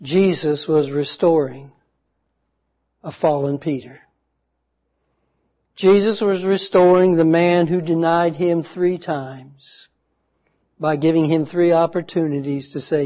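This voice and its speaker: A man delivers a sermon in a slightly high voice, moving at an unhurried pace with long dramatic pauses. His storytelling is earnest and deliberate, and the recording sounds a bit dull and lo-fi. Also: steady tone. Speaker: preacher.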